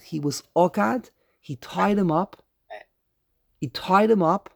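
A man leads a religious study class with emphatic, animated questions, drawing out quoted verses in a slow chant. His voice sits a little high with a gravelly edge. The recording is close and dry. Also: no room sound. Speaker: rabbi teaching a class.

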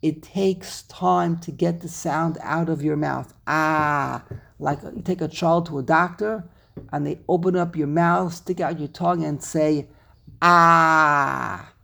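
Gravelly man teaching a text lesson. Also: on the high side, measured pace. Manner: animated, rhetorical questions, reads Hebrew terms aloud. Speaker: Torah teacher.

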